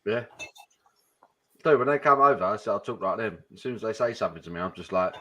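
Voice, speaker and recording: A man's voice: on the low side, lively intonation, fast talker, pushed and bright, a little hiss or hum, poor audio. A British man hosting a casual stream, chatting and teasing friends over drinks. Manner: teasing, laughs a lot.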